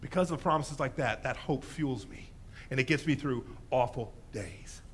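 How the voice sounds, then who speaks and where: A man preaching a sermon in a church, telling a story with lively animation and acting out the voices in it. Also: medium pitch, moderate pace, a little hiss or hum. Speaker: pastor.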